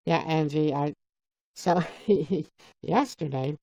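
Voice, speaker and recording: A woman hosting a live stream, chatting casually and haltingly as she answers viewers by name. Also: low-pitched, mellow, dry recording. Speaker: livestream host. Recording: dull lo-fi dry sound.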